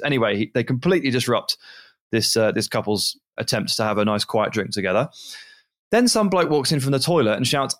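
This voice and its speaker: Male podcast co-host, mid-pitch, animated storyteller. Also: a little fast. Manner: animated anecdote telling, mimics voices in quotes. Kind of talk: casual storytelling chat.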